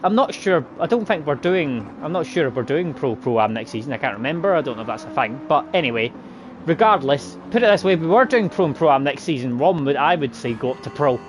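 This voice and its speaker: A man commentating a sim racing broadcast in a chatty way, laughing and quickly correcting himself. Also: on the high side, expressive, a little hiss or hum. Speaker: race commentator.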